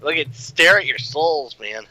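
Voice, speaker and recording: Guy w a sharp bright voice, dry close sound, loose wry movie chat. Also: on the high side, animated, a little slow, dry recording, rough recording. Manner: loose, filler-heavy, wry asides. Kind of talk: casual film discussion.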